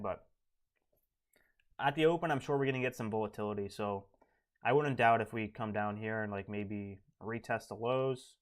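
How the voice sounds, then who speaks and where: A man streaming live as a day trader, talking casually and thinking aloud, his voice dropping to mumbled asides as he reads charts and headlines. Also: on the low side. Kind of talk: live trading commentary.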